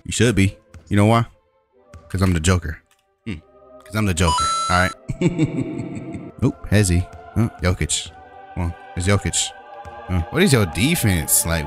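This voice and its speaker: A young man trash-talking his opponent while commentating a basketball video game, with playful taunts and high yelps. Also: expressive, a little slow, pauses often, over music. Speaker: YouTube gaming creator.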